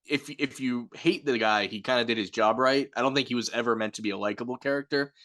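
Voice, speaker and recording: A man's voice: mid-range voice, fast, bright, forceful tone. A man co-hosting a casual film discussion, reflective and explaining at length. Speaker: film review podcast co-host. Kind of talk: casual chat.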